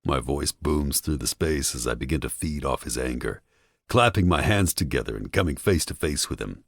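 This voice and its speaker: A man narrating a first-person audiobook with a dark, menacing delivery, recorded on a close studio mic. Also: a bass voice, expressive, normal speed, creaky, no echo.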